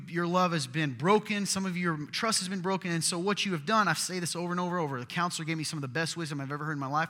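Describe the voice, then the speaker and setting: A male pastor preaching a sermon in an earnest, conversational way, swinging from loud to hushed. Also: a little high. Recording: long reverb of a large hall.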